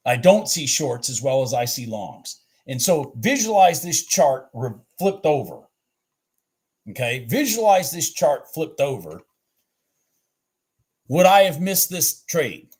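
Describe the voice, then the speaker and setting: A man with a somewhat high, very lively voice walks through his trading charts. He mutters to himself and swears as the candles move, like a host replaying his own session for viewers. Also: takes it slowly, long pauses, breathy edge. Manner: animated, swears and talks to himself about the charts. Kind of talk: live trading chart review.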